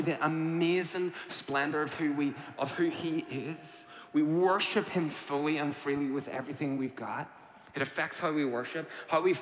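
A man's voice: fairly high pitch, a bit bright, a little hiss or hum. Echoey preaching man in a church hall. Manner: repetitive, emphatic preaching with rhetorical questions. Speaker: pastor. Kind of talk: sermon.

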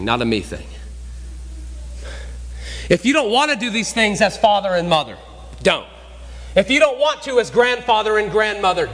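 A man preaching a sermon as pastor, emphatic, swinging between raised and hushed delivery. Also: high voice, in a large hall. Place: church sanctuary.

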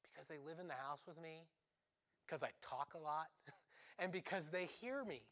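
A male priest giving a conversational sermon, swinging between loud, urgent emphasis and hushed intensity, with chatty asides. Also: on the high side, normal speed.

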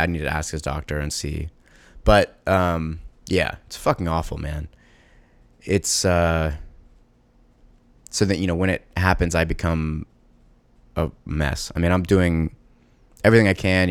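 A low-pitched man, the parent of a young child, works through a personal monologue in a halting, emotional way, full of fillers and restarts. There's no room sound.

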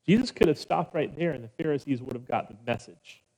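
A man preaching a sermon as pastor, with dramatic pauses, hushed low passages and rousing calls to the congregation. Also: vocal fry, husky. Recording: long hall reverb.

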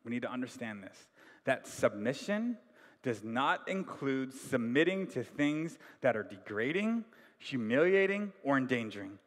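A man preaching a sermon, telling the story with animated voices and putting questions to the congregation. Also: medium pitch, unhurried. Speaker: pastor. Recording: long hall reverb.

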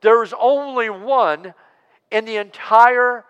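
A high-voiced man preaches from the pulpit, stretching out words slowly and calling on the congregation to say lines back with him. His voice is smooth and clear and rings through a reverberant church hall. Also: a bit bright, lo-fi sound. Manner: preaching with call-and-response, drawn-out emphasis. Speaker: pastor. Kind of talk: sermon. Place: church sanctuary.

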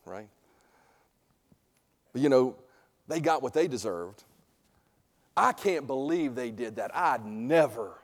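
A male pastor with a high voice delivers a conversational sermon in a big hall that rings with long reverb. He keeps tagging his points with "right?", swinging from loud, stressed lines down to soft, low asides. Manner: conversational preaching, asks "right?" after many points.

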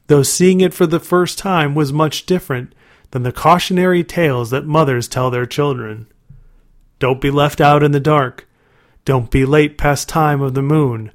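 A man narrating a dark storybook in a measured, dramatic reading. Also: medium pitch.

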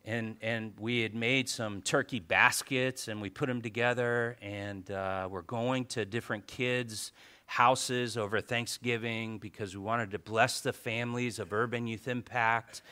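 Lively bright-voiced male pastor preaching. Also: medium pitch, unhurried, smooth. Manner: animated storytelling, swings from soft asides to loud exclamations. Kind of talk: sermon.

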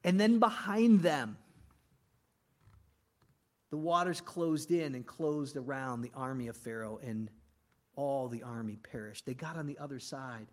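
Male pastor, sermon, slightly high-pitched, conversational, rhetorical questions, loud-to-hushed swings.

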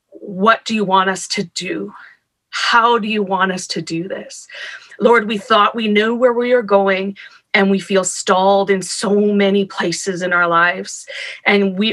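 A woman's voice: medium pitch, bright, forceful tone. A woman leading an emotional, spontaneous prophetic prayer, declaring with fervor. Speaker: worship leader praying.

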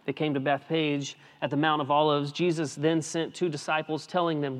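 A man's voice: on the high side, flat delivery, moderate pace. Preaching man in a reverberant hall. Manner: swings between hushed and emphatic, with casual asides. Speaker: pastor. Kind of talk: sermon.

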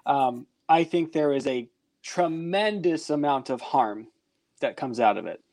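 A man co-hosting a casual Christian podcast discussion, speaking in a measured, careful way and politely pushing back. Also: medium pitch, animated, a little mellow. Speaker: podcast co-host.

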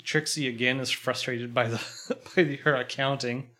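A man's voice: medium pitch, fairly even intonation, moderate pace, sharp tone. A man casually recapping a TV episode, laughing often and acting out quotes. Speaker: podcast host.

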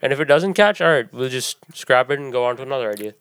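A man co-hosting a podcast, blunt and teasing, with casual swearing as he gives advice. His voice sits at a middle pitch, recorded close and dry. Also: animated, quick pace, a bit bright, clear, resonant tone, no echo. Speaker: podcast co-host.

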